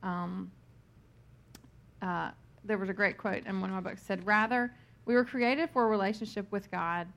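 Woman, Bible study teacher, scripture reading then chatty teaching; laughs easily, lots of ums, mid-pitched voice. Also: fairly even intonation, moderate pace, vocal fry, long pauses, a bit bright. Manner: chatty and personal, laughs at her own stories, many ums.

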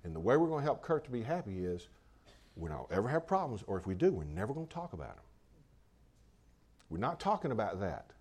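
A man's voice: sits low, darkish tone. Man preaching a sermon. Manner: conversational, repeats and restarts phrases. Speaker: pastor.

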